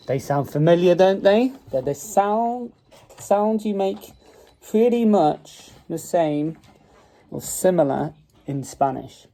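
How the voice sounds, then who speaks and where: A man's voice: fairly high pitch, dark tone, poor audio. A man with a Staffordshire Midlands accent teaching English phonics at home, patiently drawing out and repeating vowel sounds, recorded on a mobile phone propped on a dining table. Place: home dining room with children present.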